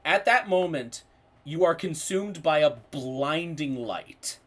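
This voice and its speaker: Slow, animated man narrating as game master. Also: on the high side. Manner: slow, lively storytelling narration.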